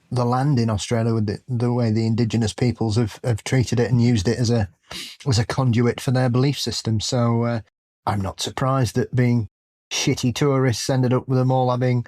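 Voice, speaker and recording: A man's voice: medium pitch, a little mellow. A man co-hosting a spooky-stories podcast, jokey and rambling in casual chat, laughing often. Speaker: podcast co-host.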